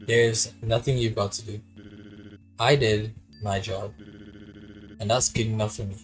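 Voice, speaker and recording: A man voicing a wounded male bodyguard who is loyal and calm, speaking in quiet, steady reassurance with a husky tone. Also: on the low side, measured pace, faint music behind, close to an everyday voice, poor audio. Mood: gentle.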